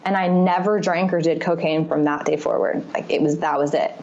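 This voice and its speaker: A woman's voice: deep voice, fairly even intonation, a little fast, darkish tone. Woman podcast guest, confessional storyteller, filler-heavy, dull lo-fi sound. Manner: confessional, rambling, frequent "like" fillers. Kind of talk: candid personal storytelling. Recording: slightly muffled podcast audio.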